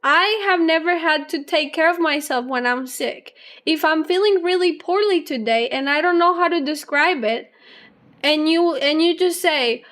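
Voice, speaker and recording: A young adult woman streamer chatting casually with her live chat, rambling on at length and laughing often, a little low on energy. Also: moderate pace, a bit bright. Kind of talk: casual livestream chat, reading chat aloud.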